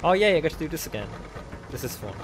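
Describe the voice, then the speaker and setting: Young male let's player, excitable, swears freely, game music underneath. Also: a little high, fast. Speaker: gaming video host. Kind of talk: let's play commentary.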